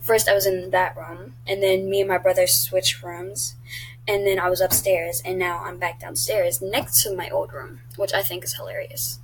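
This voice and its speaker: A woman's voice: fairly low pitch, level tone, moderate pace, slight background noise, low-quality recording. A teenage girl chatting casually on her own vlog, blunt and talkative, swearing often. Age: teens. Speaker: YouTuber.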